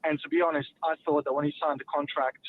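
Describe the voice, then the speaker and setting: A man calling into a radio phone-in, speaking in a measured, matter-of-fact way. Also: fairly high pitch, flat delivery. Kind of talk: call-in opinion. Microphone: telephone. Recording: phone line with faint household noise. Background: a toddler at home.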